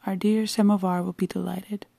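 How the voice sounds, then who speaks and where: A dry, bantering official husband who counts out every word, as a woman reads him. The voice is dark and gravelly with a flat, even delivery. The sound is close and dry. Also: mid-range voice, moderate pace, no echo. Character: cold, formal middle-aged husband, a government official.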